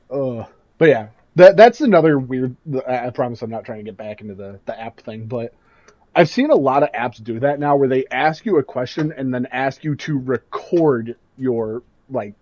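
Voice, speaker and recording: A man's voice: mid-range voice, lively intonation, normal speed, darkish tone, no room sound. Laughing Midwestern man, dull dry recording. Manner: laughs often, asks the questions. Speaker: podcast co-host. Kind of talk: casual chat.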